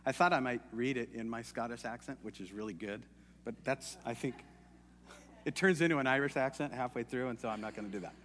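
A man's voice: mid-range voice, a little fast, a bit bright, in a large hall, a little hiss or hum. A man preaching a sermon in an earnest, hesitant way, often restarting his sentences.

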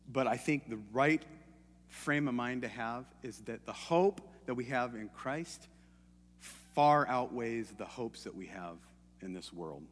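A man's voice: mid-range voice, in a large hall. A man preaching a sermon in an earnest, hesitant way, often restarting his sentences.

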